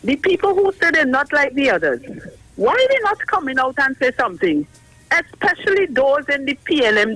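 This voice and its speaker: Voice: high voice, pushed and bright, dry recording, rough recording. An indignant caller with a Trinidadian accent on a radio call-in line, urging people to speak out. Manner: indignant, challenging, urgent.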